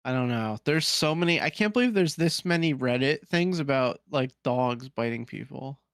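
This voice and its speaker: A man's voice: medium pitch, animated, normal speed, a bit bright, smooth, no echo, clean studio sound. A man hosting a casual gaming podcast, reading forum posts aloud with laughing asides. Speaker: podcast host.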